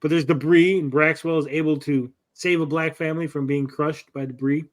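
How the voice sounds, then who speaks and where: A man's voice: fairly high pitch, fairly even intonation, fairly quick. Sarcastic man retelling a comic plot. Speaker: comic book reviewer, host. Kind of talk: casual review chat.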